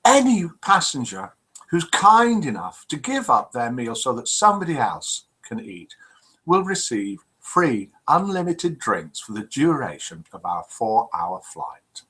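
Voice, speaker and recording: A man's voice: mid-range voice, sing-song, unhurried, bright, forceful tone, slightly rough, full character voice. A man putting on a nervous Irish flight attendant. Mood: sweetly sly. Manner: nervous, overly polite announcement voice.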